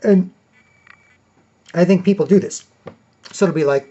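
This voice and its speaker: A man's voice: sits high, lively intonation, normal speed, pauses often, warm tone. A man talking in a casual monologue as a podcast host, rambling and padding his points with "you know" and "right". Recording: dull lo-fi recording.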